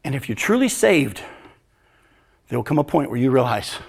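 A man preaching a sermon, telling stories with animated energy and laughing at his own jokes, then answering audience questions. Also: medium pitch, moderate pace, vocal fry, husky. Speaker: pastor.

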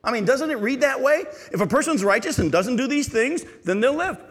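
Animated preaching man in a reverberant hall. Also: very high-pitched, fairly quick. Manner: animated preaching, rhetorical questions to the congregation. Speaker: pastor. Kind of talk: sermon.

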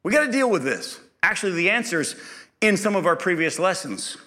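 A man's voice: sits high, a little fast. A man teaching an interactive Bible lesson, quizzing his class and acting out the people he quotes. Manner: lively, quizzes the class and acts out quoted speech.

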